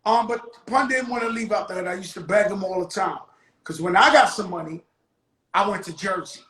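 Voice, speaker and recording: A man spins a loose, profane story as a show host, now and then breaking into a shout. His voice sits high for a man, and the room around him rings with echo. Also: moderate pace. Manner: animated, profane street storytelling with bursts of shouting. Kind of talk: casual storytelling monologue. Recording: roomy echo.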